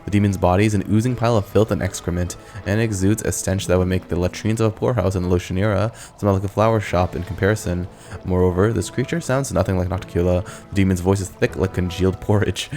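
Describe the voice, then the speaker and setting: A man hosts a let's play, reading the game's text aloud and dropping casual jokes in between. His voice sits low and he talks fast, with faint game music in the background. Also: steady tone, darkish tone. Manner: casual, joking asides.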